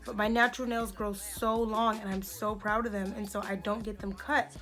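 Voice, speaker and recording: A young woman in her twenties, a beauty vlogger telling an indignant, animated story while doing her makeup. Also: mid-range voice, moderate pace, faint music behind.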